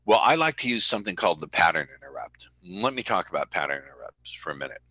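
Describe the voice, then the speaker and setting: A man guest on a podcast interview, telling stories in an emphatic, boastful, energetic way, slowing down with dramatic pauses for effect. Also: low-pitched, breathy edge, rough recording. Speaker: guest, persuasion coach.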